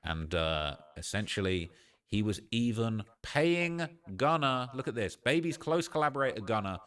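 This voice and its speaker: A man's voice: medium pitch, sing-song, moderate pace, a bit bright, clear, resonant tone. A man hosting a casual reaction show, giving slangy, opinionated commentary and often tagging lines with "all right?". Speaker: host.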